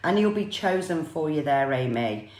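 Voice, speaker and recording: Low-pitched woman, chatty psychic medium on a livestream, echoey room. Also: expressive, moderate pace, darkish tone. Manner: chatty, repeats viewers' names often. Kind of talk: live-streamed reading for viewers.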